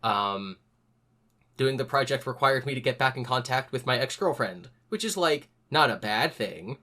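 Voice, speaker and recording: Bright-voiced young man telling a story. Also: medium pitch, moderate pace. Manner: animated, acts out other people's lines in a raised voice. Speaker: podcast host. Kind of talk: casual storytelling chat.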